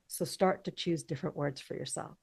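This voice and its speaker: Low gravelly woman, heartfelt storyteller. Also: brisk, darkish tone. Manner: emotional, heartfelt. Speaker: guest, entrepreneur and healer. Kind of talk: candid personal storytelling.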